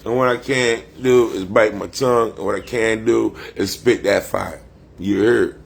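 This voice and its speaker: A man's voice: on the low side, steady tone, unhurried, creaky. A man, rambling profanely and boastfully on a casual livestream. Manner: loose, profane, boastful street talk.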